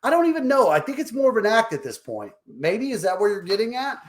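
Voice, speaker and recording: A man's voice: sits high, big pitch swings, fast. A tipsy man co-hosting a podcast, telling stories in casual chat and laughing often. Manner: laughs often, chatty storytelling. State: tipsy from drinking. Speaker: podcast co-host.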